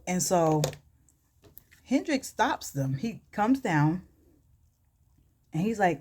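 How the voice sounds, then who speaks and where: Animated woman telling a story. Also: lowish voice, slow, pauses often, breathy edge. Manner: animated, chatty, lots of quoting. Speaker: beauty vlogger. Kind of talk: casual storytelling.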